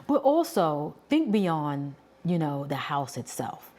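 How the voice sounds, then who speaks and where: A woman in her forties with a New York accent, talking casually and candidly to her viewers and thinking out loud. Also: low-pitched, sing-song, slow. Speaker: vlogger. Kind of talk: casual talk to camera.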